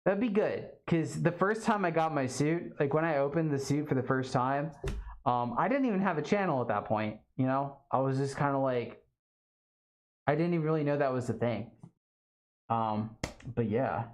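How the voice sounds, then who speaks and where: A woman's voice: rumbling low, animated, normal speed, darkish tone. A young woman streaming live, chatting casually with her viewers and reading their comments, full of "like" and "um" fillers.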